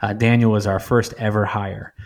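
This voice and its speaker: Earnest lower-voiced pastor telling stories. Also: male voice, little pitch movement, moderate pace, vocal fry. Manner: earnest, builds to emphatic repetition. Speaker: pastor and author. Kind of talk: conversational interview storytelling.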